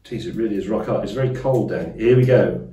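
A middle-aged man hosting a solo cooking show from a small underground kitchen, talking in a deadpan, self-mocking way with slow deliberate pauses. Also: fairly low pitch. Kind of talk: dry, wry solo cooking chat. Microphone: phone and tablet cameras set up in the room. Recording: echoey room, mic at a distance.

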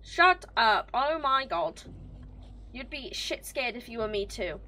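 Woman streamer, live gameplay chatter, high voice, bright sharp tone, swears, swings all over. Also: slow pace, slight background noise. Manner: excitable, swears, talks to game characters and chat.

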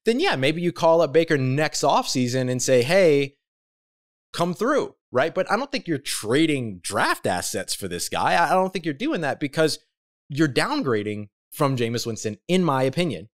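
A man hosting a solo sports talk podcast, speaking with energy and emphasis, with big swings in pitch and loudness and casual self-corrections. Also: very animated, normal speed. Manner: conversational, with fillers and self-corrections.

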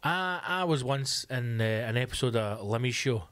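A man's voice: medium pitch, animated, normal speed, fairly bright tone, clear, resonant tone, dry recording. A man hosting a podcast, ranting comically with sarcastic swearing asides. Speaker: podcast host. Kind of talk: comic rant. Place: home room.

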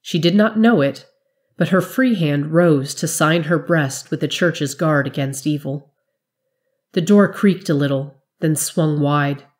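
Low-voiced woman narrating a fantasy tale. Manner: measured, dramatic storytelling. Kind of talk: scripted fiction narration.

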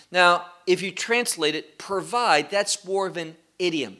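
A middle-aged man teaches scripture verse by verse at an unhurried, measured pace. His voice sits a little high and sounds bright and forward. He leans on rhetorical questions to draw his listeners along. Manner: slow, deliberate verse-by-verse exposition with rhetorical questions. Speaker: Bible teacher. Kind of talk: Bible teaching.

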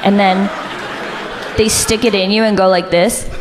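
A young woman performing a stand-up comedy set, delivering deadpan one-liners and jumping high in pitch when she acts out other people. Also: a little slow, big-room sound, background noise. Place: comedy club stage.

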